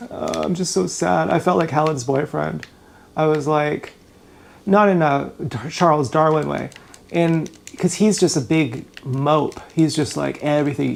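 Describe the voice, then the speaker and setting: With medium pitch and some vocal fry, this agitated YouTuber vents profanely and at length in an emotional vlog. A faint hiss or hum runs under the audio as he streams live indoors, talking straight into a GoPro.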